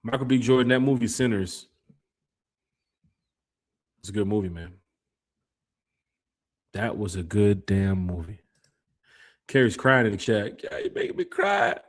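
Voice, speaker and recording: A man hosting a casual fan podcast, reading out chat comments and giving shout-outs. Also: lowish voice, a little slow, pauses often. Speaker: podcast host. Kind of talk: casual live-stream chat.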